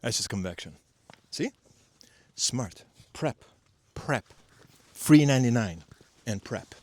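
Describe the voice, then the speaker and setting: A man's voice: fairly low pitch, lively intonation, slow pace, long pauses. A man with a cold, chatting casually and swearing as he tends a fire outdoors and explains his method for a DIY vlog. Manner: chatty, profane, self-mocking, explains as he works. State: has a cold. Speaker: DIY homestead vlogger. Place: outdoors at a fire pit in a valley.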